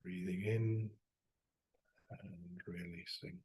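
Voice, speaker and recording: A man demonstrating self-hypnosis aloud as a coach, talking himself through slow, soft affirmations. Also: low-pitched, steady tone.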